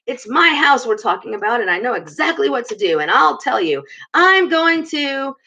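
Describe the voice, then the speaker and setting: A woman voicing a boastful, excitable male toad, in a read-aloud storybook with a dull lo-fi sound. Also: on the high side, moderate pace, husky, pitched above the performer's own voice, exaggerated voice. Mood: excited. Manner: boastful, excitable, rising to squeals.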